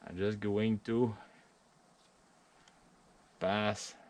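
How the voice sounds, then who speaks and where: French-accented man giving halting repair tips. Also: on the low side, flat delivery, darkish tone, a little hiss or hum. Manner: halting, with many fillers and restarts. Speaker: vlogger. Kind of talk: hands-on repair tutorial.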